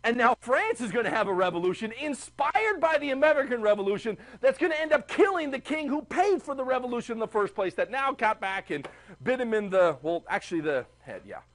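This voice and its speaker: A man teaching a history class, chatty and animated, asking the class questions. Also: very high voice, brisk. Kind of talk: classroom lecture.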